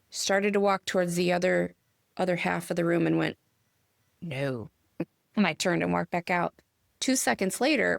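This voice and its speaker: Midwestern woman, middle-aged, podcast co-host; chatty, laughs easily, low-ish voice with fry, dry recording. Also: no room sound. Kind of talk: casual spiritual chat.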